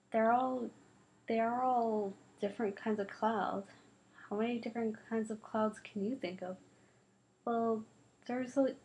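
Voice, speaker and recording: Female reader for storybook narration; lively delivery with voiced dialogue. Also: medium pitch, rough recording. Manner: lively, shifts voices for the children's quarrel. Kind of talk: reading a novel aloud.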